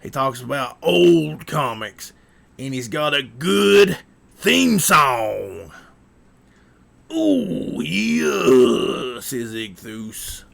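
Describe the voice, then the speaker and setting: A man on a livestream putting on a macho, gravelly male lumberjack voice with an exaggerated manly drawl. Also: medium pitch, very animated, drawn-out words, a bit bright, full character voice. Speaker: livestream host.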